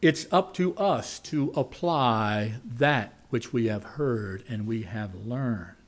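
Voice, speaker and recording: A man with a mid-range voice preaches a sermon, sharing a folksy, homespun story. His lines move from loud and fast to quiet and slow.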